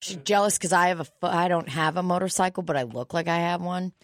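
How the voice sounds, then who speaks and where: Woman, deep low voice, brash, foul-mouthed, ranting, casual podcast chat, dry close sound. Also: fast, dry recording. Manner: brash, swears constantly, ranting storyteller. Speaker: podcast host.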